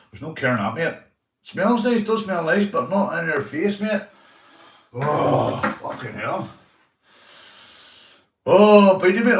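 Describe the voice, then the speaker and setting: A Northern Irish man hosting a casual livestream chat, rambling and swearing, calling everyone mate. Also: a little high. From Northern Ireland. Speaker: livestream host. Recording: echoey room, mic at a distance.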